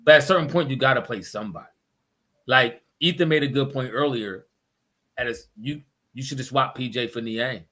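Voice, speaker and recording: A podcast co-host with a medium-pitched, fairly bright voice talks fairly quickly in a heated basketball debate. He is emphatic, laughs often and argues his case point by point.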